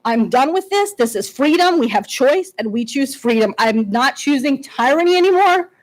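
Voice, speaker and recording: Brief: high-pitched woman, upset parent, unscripted public comment, indignant, stumbling restarts. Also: lively intonation, low-quality recording. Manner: emotional, indignant, halting restarts. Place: public board meeting.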